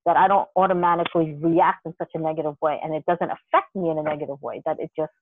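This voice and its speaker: A podcast co-host chatting casually, telling rambling, animated stories with many restarts and the odd curse word. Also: mid-range voice, fast talker. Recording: dry, tinny phone-line sound.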